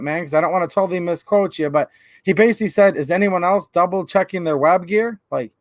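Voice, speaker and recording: A man's voice: sits high, no echo. A man hosting a livestream, telling rambling stories and chatting with viewers. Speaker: channel host. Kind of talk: livestream commentary.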